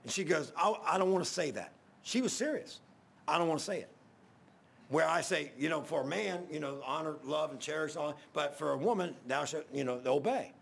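A middle-aged pastor, preaching in a folksy, rambling storytelling way, repeating himself and getting loud at emotional peaks. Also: male voice, a little high, lively intonation, fairly quick, creaky, breathy edge.

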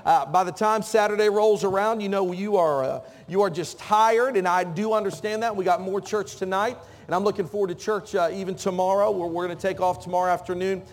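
A high-voiced man preaches from a church stage, joking with the youth and calling out to the crowd. His voice carries through a large hall with a long, ringing reverb. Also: steady tone, fairly quick, few pauses. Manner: joking, calls out to the congregation. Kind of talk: sermon. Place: church sanctuary.

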